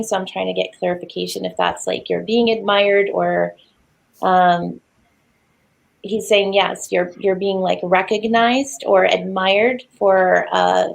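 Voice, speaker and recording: A woman on a spiritual group video call, relaying a channeled message earnestly with halting fillers. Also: mid-range voice, gravelly, low-quality recording. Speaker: channeling participant.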